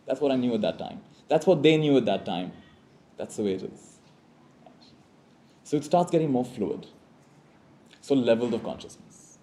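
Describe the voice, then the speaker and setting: A man giving a reflective spiritual talk to a live audience, leading call-and-response lines and often checking in with a quick "right?". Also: mid-range voice, expressive, warm tone. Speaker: spiritual teacher.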